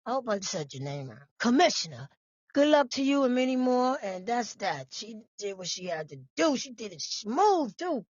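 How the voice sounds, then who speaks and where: High-voiced, sassy woman vlogger. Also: normal speed, slightly rough, no echo, muffled recording. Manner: animated, sassy, talks straight to viewers. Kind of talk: casual commentary on news.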